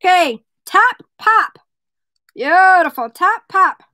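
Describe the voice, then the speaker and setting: A woman hosting a relaxed jewelry vlog, chatting and joking with her viewers. Her voice is high, bright and animated, swooping up and down. She takes her time as she talks. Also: slow, no echo, low-quality recording. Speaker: jewelry seller. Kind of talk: casual product vlog with joke telling.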